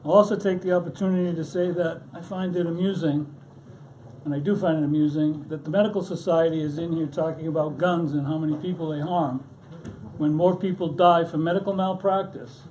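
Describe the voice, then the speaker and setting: A middle-aged man testifies at a legislative hearing in a high, mellow voice. He argues his point with a sardonic edge. Faint hearing-room hiss runs underneath. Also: fairly even intonation, fairly quick, rough recording. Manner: sardonic, argumentative.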